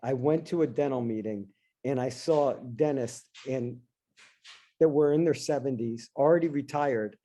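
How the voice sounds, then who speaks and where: A middle-aged man, a guest in an interview, telling a personal story in an animated, casual way and acting out his own past lines. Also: medium pitch, normal speed, dull audio. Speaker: interview guest, dentist and investor.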